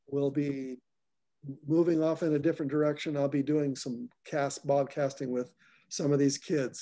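A man's voice: fairly high pitch, warm tone. A man hosting a live group call, talking loosely with repeated restarts, heard over a video call. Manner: loose and repetitive, restarts phrases. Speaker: host of a call-in show.

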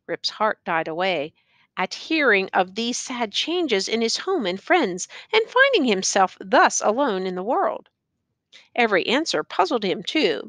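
A woman narrating a classic tale as an expressive audiobook reader. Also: fairly high pitch, no echo. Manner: expressive, storytelling.

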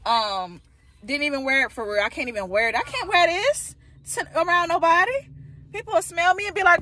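A young woman vlogging casually to her viewers, telling an exasperated story with animated flair and talking to them directly. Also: very high voice, a little fast, slight background noise. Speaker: vlogger, mother. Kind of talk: casual vlog chat. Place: in a car, then outdoors at a park.

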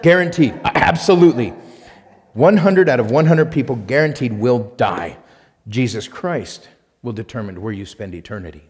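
A male pastor preaching a sermon and reading scripture aloud, emphatic, swinging between loud punched lines and quiet asides. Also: mid-range voice, expressive, normal speed, big-room sound. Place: church sanctuary.

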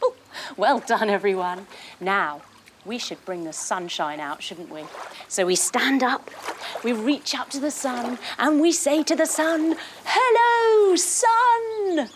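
Leading a guided yoga story for children, a young female instructor speaks at a measured pace in a slightly high voice. Her delivery is singsong and playful, rich in sound effects and cues to move, with a faint hiss or hum in the background.

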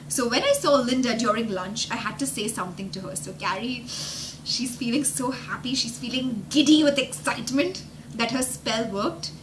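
A woman's voice: fairly high pitch, background noise. A woman from India reading a story aloud as an English teacher, acting out the sounds and explaining words with synonyms. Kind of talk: animated storytelling lesson.

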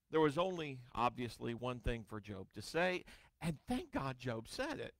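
A male pastor preaching a sermon, reading scripture dramatically with wry storytelling asides, his voice swinging from booming to hushed. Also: sing-song, moderate pace, gravelly, no room sound. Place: church sanctuary.

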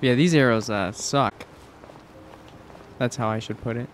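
A man's voice: mid-range voice, unhurried, slight background noise. A man casually commenting while playing a video game, joking and talking back to the characters on screen. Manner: jokey, chatty, talks to the game characters. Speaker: gamer playing through a game. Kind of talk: let's play commentary. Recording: game music playing underneath. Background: game music.

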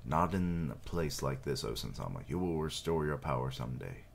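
A man's voice: very deep voice, lively intonation, normal speed, gravelly, husky, voice pushed down, exaggerated voice. A man reading out the lines of a loyal male soldier retainer, earnest and formal. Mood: solemn. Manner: earnest, formal speech read aloud.

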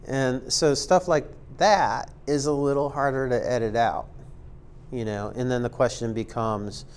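In a casual screen-recorded tutorial, a male instructor rambles along with plenty of ums and likes, tossing in self-aware jokes. His voice is mid-range, a little mellow, with a clean tone.

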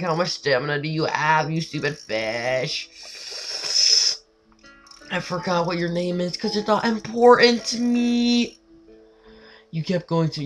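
Over faint game music, a gamer with a medium-pitched, fairly bright voice provides let's play commentary. The tone is frustrated and dramatic, with plenty of scolding aimed at the fish in the game.

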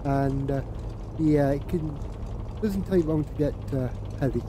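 A man's voice: a little high, unhurried, noisy background. A man streaming a game, chatting casually to himself and saying his accent drifts toward British. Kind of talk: casual gameplay commentary. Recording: loud game music behind.

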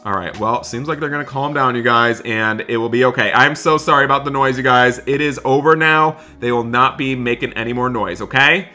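A man's voice: mid-range voice, a little fast, few pauses, pushed and bright, faint music behind. A man hosting a game roleplay, talking to viewers between polite hotel-staff lines. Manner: talks to viewers, switches to polite hotel-worker voice. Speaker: gaming roleplay host. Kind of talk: roleplay commentary.

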